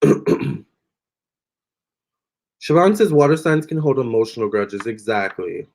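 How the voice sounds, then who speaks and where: A young man talks loosely through his live tarot stream, thanking viewers and answering their comments. His voice sits at a middling pitch. He drifts through his thoughts with fillers and false starts. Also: lively intonation, measured pace, gravelly, a little mellow. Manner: rambling, chatty, many fillers and restarts. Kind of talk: casual live-stream chat reading comments.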